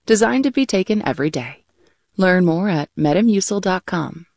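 A woman announcer reading network sponsor credits in a smooth scripted way. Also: lowish voice, expressive, moderate pace, darkish tone, no room sound, studio quality.

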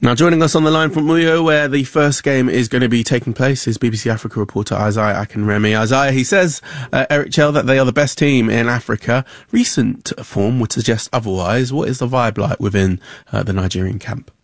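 A man presenting sports news on the radio in a brisk, conversational way. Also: medium pitch, dry recording, studio quality.

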